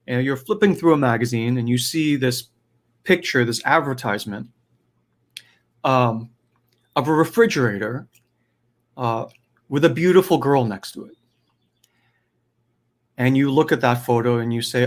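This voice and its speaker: Man, middle pitch, conversational online teaching, chatty check-ins, video call audio. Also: animated, takes it slowly, pauses often. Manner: conversational, peppered with "right?" and "you know". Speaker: spiritual teacher and advisor. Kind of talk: live online teaching talk.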